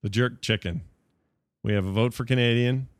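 A man co-hosts a podcast, chatting casually, joking around, and laughing often. His mid-range voice is steady and moderately paced, recorded dry with clean studio sound.

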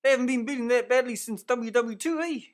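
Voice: medium pitch, fast talker, close to an everyday voice. A performer voices a blokey male rugby commentator who swears at every turn and tacks "eh" onto his sentences. He is loose and laddish, a comedy-sketch caricature of a sports broadcaster. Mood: hosting. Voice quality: swears freely, tags lines with "eh". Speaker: lead commentator.

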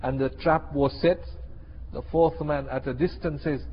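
Brief: husky, fairly high-voiced male preacher, animated storyteller, dull hall recording. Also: unhurried, a little hiss or hum. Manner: animated, acts out characters in a story. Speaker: Islamic teacher. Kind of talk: sermon with storytelling.

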